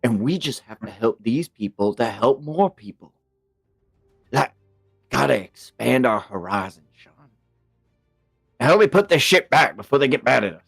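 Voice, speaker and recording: A man playing his character in a tabletop game, talking in an excitable, rambling way. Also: mid-range voice, moderate pace, vocal fry, pauses often, breathy edge, dry recording, soft background music. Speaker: player. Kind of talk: in-character tabletop role-play.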